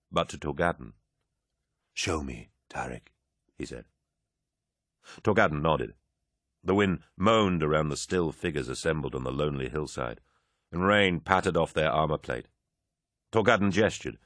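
A man narrating an audiobook, reading in a measured, low-key dramatic way and voicing the characters. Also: fairly bright tone, no echo, clean studio sound. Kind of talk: scripted narration.

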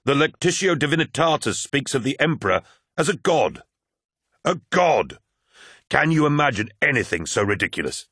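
A man doing a zealous soldier-orator, raised higher than his own voice and pushed louder, with a husky edge. He preaches in a declaiming, indignant sweep, and the audiobook sound is close and dry. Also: sing-song, moderate pace, no room sound, full character voice. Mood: impassioned. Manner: impassioned, declamatory. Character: zealous male warrior-orator, fervent and indignant. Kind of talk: audiobook character voice.

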